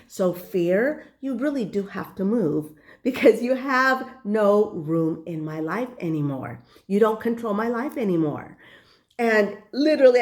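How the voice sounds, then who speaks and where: A woman life coach giving an earnest, conversational motivational talk to the camera, with frequent fillers. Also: fairly low pitch. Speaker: life purpose and leadership coach.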